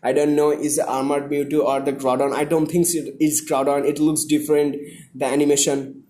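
A young man from India hosting a live stream, greeting viewers by name and repeating himself excitedly. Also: fairly high pitch, normal speed, slight background noise.

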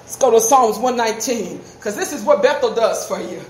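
A woman preaching a sermon in a call-and-response style, often rising to shouts. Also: on the high side, lively intonation, a little fast. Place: church sanctuary. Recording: echoey church hall, faint noise.

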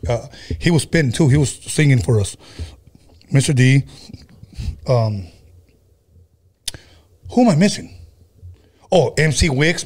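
A man's voice: mid-range voice, a little mellow. A man hosting a casual chat show, loose and profane, telling stories with many stumbles and restarts. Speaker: podcast host.

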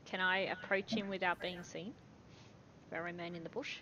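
A woman's voice: lowish voice, fairly even intonation, normal speed, bright, forceful tone, slight background noise, rough recording. A woman playing a tabletop game, talking tentatively with frequent fillers and giggles. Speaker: player. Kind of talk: casual tabletop play.

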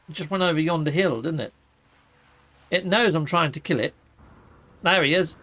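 A man's voice: a little high, lively intonation, normal speed, pauses often, pushed and bright. A man giving chatty live commentary while playing a game, with mild mock-swearing and asides to his viewers. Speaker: gaming streamer.

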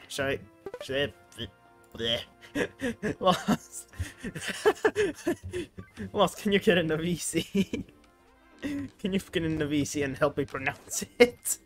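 A man with a high, lively voice chatters through a live game stream, laughing at his own slip-ups as he goes. He talks slowly, with his pitch swinging all over the place. Soft music plays faintly in the background. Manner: giggly and self-mocking, laughs often. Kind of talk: casual gaming commentary.

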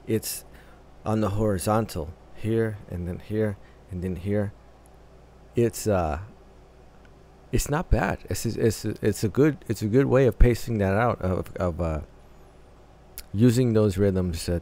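A man's voice: lowish voice, slow, warm tone, slight background noise. A man hosting a music reaction, casually analyzing the vocals and arrangement as he listens, often restarting phrases as he thinks aloud.

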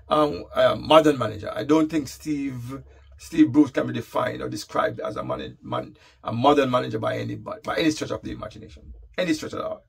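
A man hosting a casual football commentary monologue, wry and animated. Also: medium pitch, fairly quick, creaky, husky. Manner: wry, animated, reads out lists.

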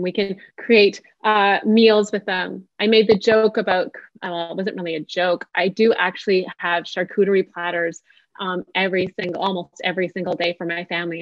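A woman, a therapist, leading an online parenting workshop in a gentle, inviting way. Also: lowish voice, dry recording. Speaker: social worker and psychotherapist leading a workshop. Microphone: video call. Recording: dull dry video call audio.

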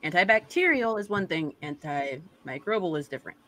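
A woman's voice: lowish voice, animated, brisk, heavy background noise. A woman on a podcast, explaining things in a matter-of-fact way. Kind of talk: casual chat.

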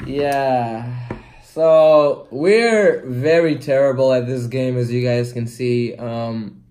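A young man chatting casually with his partner during a guessing game, relaxed and swearing freely in everyday slang. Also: mid-range voice, takes it slowly. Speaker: vlogger, husband.

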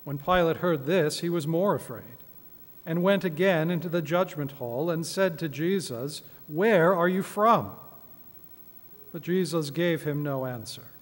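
A man's voice: fairly high pitch, normal speed. Solemn man reading scripture in church. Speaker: scripture reader at a midweek service. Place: church sanctuary. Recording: echoey church hall.

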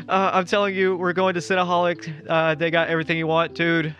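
A man streaming live, reacting excitedly to his chat with frequent laughter and thanks. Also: fairly high pitch, fast talker, few pauses, soft background music. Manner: excitable, laughing, overwhelmed and grateful.

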